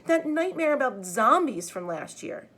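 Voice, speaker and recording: Woman reading as little boy, whiny, high-pitched, shrieking, slow and drawn out. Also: very animated, fairly bright tone, exaggerated voice. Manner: high whining child voice with shrieks. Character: young boy, little brother, whiny and excitable.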